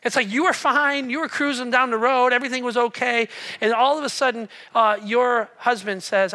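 A male pastor delivers a sermon in a very high, bright voice. He tells the story with animated energy, swinging between loud passages and hushed ones. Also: a little fast.

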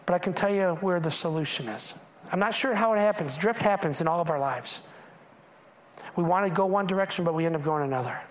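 A man's voice: high-pitched, a little fast. Guy preaching a sermon at church, chatty, keeps asking the crowd stuff. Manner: conversational, asks the congregation questions. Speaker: pastor. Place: church in front of a congregation.

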